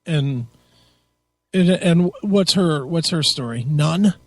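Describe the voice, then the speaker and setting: A man's voice: a little high, lively intonation, slow. A man co-hosting a talk radio show, ranting crudely and mocking people with plenty of profanity. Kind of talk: casual talk radio banter.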